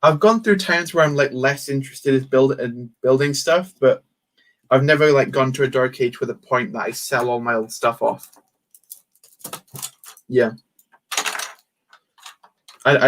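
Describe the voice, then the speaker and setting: A young man talks casually while streaming a build, with a middle-pitched voice. He rambles, reads chat aloud and fills gaps with ums and half-started words. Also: moderate pace, pauses often. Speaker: live streamer building Lego.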